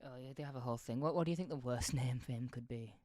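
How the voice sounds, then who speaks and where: A man's voice: medium pitch, quick pace, a little mellow, dry recording, clean studio sound. A man co-hosting a podcast, joking and teasing in casual chat. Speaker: podcast co-host.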